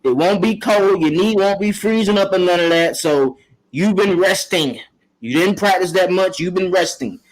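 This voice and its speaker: Emphatic guy on a sports chat, kinda high voice, keeps pleading his case. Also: moderate pace, rough recording. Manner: emphatic, pleading, says bro a lot. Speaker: co-host.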